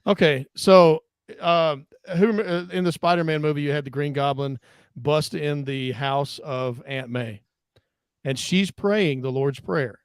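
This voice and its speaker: A man's voice: a little high, unhurried, clean tone, no room sound, clean studio sound. A man on a casual online panel, talking animatedly and groping for names as he goes. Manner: animated, acts out quotes, gropes for names. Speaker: ministry discussion panelist.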